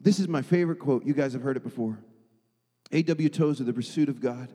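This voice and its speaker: A man preaching a sermon as pastor, emphatic, swinging from loud declarations to hushed, quiet lines. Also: medium pitch, a little fast, husky, in a large hall.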